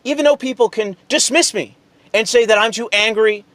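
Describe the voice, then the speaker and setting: A man with a high-pitched voice, hosting a heated, profane, sarcastic political rant. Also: normal speed, fairly bright tone, dry recording. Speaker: political commentary host.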